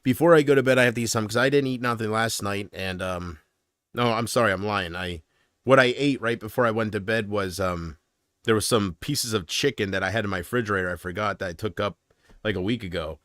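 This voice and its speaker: A man's voice: on the low side, fast talker, no room sound, clean studio sound. Rambling, griping man on a stream. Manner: rambling, griping, trailing off mid-sentence; swings from loud complaints to muttered asides. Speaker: livestreamer. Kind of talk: casual livestream chat.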